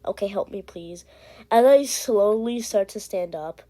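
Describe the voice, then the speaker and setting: Slow-talking woman chatting over a game. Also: mid-range voice. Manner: chatty, easily excited, rambling with restarts. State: heavy breathing. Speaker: gamer. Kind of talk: casual gameplay commentary. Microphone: iPad.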